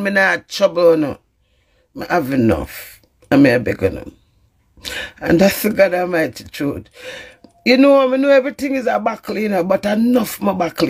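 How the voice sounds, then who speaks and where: A Jamaican woman in an emotional live-stream rant, pleading and emphatic and swearing often. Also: medium pitch. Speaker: social media personality.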